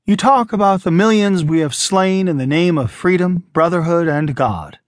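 A man's voice: sits high, moderate pace, dry recording, clean studio sound, lightly acted. A man voicing a composed male scientist earnestly pleading his case. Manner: calm, controlled, then impassioned.

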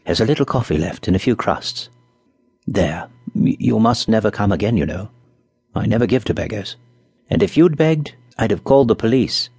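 A cautious but kindly coffee-stall keeper who talks low and hushed, as a narrator voices him in a storybook. The voice is deep and gravelly. The sound is close and dry. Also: male voice, animated, moderate pace, no room sound. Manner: low, quiet and confidential.

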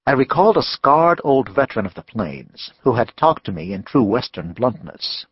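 Casting: male audiobook narrator, measured and expressive, slightly husky. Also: mid-range voice, no echo, muffled recording. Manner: measured storytelling. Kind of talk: scripted narration of a western novel.

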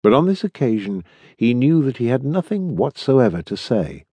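A man narrating historical fiction as an audiobook, expressive and varied in his storytelling. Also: medium pitch, moderate pace, slightly rough, no room sound.

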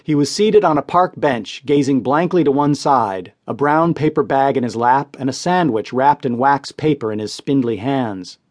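A man reading crime stories as an audiobook narrator, in steady, measured scripted narration. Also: mid-range voice, no room sound, clean studio sound.

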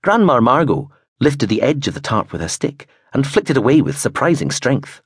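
Husky, expressive male audiobook narrator. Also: medium pitch, moderate pace, dry recording, studio quality. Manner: expressive storytelling with voiced character turns. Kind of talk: first-person audiobook narration.

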